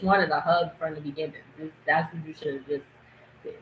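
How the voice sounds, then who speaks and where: Woman podcast host, casual reaction talk, mid pitch, roomy echoey sound, faint background noise. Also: a little fast, highs cut off. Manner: animated, laughing, acting out quotes. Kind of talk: casual commentary chat. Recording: echoey room.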